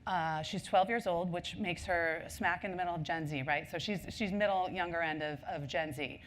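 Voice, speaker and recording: A woman's voice: fairly low pitch, moderate pace, slight background noise. A woman speaking at a marketing conference. She tells stories in a chatty way, with lots of ums and asides. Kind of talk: conference talk.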